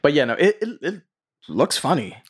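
A man's voice: a little high, very animated, normal speed, breathy edge. Profane, rambling podcast guy. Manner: loose, profane banter with frequent fillers. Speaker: podcast co-host. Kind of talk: casual chat.

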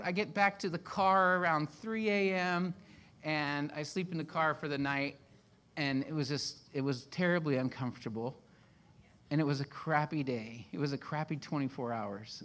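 A man's voice: on the high side, normal speed, sharp tone. A man in his fifties, a pastor giving a sermon in a casual, self-deprecating storytelling way.

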